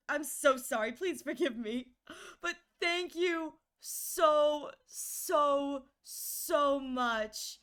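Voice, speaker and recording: Woman, streamer, casual live chat, very high voice, slow, stammering, emotional. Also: fairly bright tone. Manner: emotional, stammering, often near tears.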